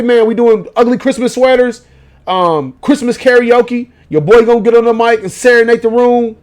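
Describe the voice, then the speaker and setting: A man's voice: extremely high pitch, moderate pace. A man, giving a profane late-night rant as a gaming vlogger. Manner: profane, animated ranting in slang.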